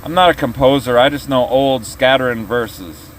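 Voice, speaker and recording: A man's voice: medium pitch, normal speed, a little hiss or hum, lightly acted, poor audio. A man voicing a humble, self-deprecating country blues singer. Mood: modest.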